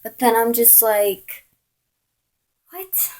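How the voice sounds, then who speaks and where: A woman's voice: medium pitch, slow pace, a little mellow. A woman telling a personal story in a rambling, casual way, full of "like" and "I'm all like". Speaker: vlogger.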